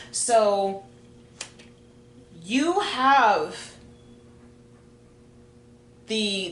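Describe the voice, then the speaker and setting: Slow, encouraging woman reading tarot. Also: mid-range voice, a bit bright, echoey room, slight background noise. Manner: chatty, encouraging, slow and drawn-out. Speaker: tarot reader.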